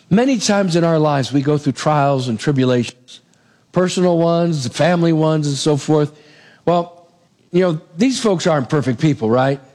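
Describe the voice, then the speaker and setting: A middle-aged man preaching a sermon, retelling a Bible story with animated storytelling and acting out the lines of its people. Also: a little high.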